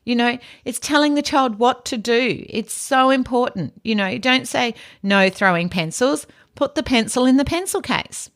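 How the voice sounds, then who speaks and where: A middle-aged woman hosting an educational podcast, speaking calmly in a low-key, near-monotone delivery. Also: normal speed, hardly any pauses. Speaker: podcast host and autism educator.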